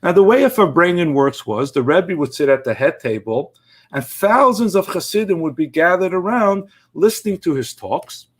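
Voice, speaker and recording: A man tells an inspirational story in an earnest, emphatic way, with measured phrasing. His voice sits a little high for a man. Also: animated. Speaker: inspirational speaker.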